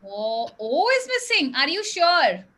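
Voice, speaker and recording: Slow, high-voiced teacher woman. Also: very animated, heavy background noise. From India. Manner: patient, drawn-out, coaxing teacher talk. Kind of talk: classroom phonics lesson with children.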